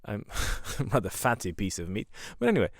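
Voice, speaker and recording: A man's voice: fairly low pitch, wildly swooping pitch, a little fast, no echo, studio quality. A man, a stand-up comedian and podcast host, talking in a rambling casual monologue full of swearing and self-mocking jokes.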